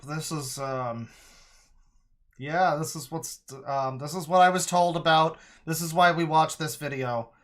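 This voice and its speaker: A man's voice: on the high side, measured pace, a bit bright. Man, stream reaction commentary, sarcastic, swears freely, dry asides.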